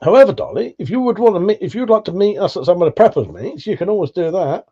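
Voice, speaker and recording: Brief: man, livestream host, joking and cursing through chat, warm tone, muffled lo-fi sound. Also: high-pitched, animated, quick pace, slightly rough. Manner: swearing, joking banter. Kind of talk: casual live chat reading viewer messages.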